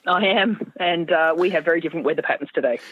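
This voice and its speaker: A woman's voice: on the low side, fast, husky, dry recording, phone-quality sound. An Australian woman comedian chatting bluntly as an interview guest, laughing easily. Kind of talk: casual interview chat.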